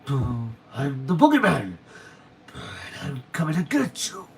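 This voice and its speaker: A man putting on the voice of a menacing male wrestling boogeyman, chanting a low sing-song taunt set back from the mic. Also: wildly swooping pitch, slow pace, vocal fry, recorded from a distance, a little hiss or hum, exaggerated voice.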